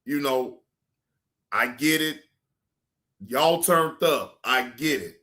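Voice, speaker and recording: A man hosting a reaction show in casual livestream talk, slangy and profane, repeating himself and swinging from loud hype to quiet asides. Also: mid-range voice, slow pace.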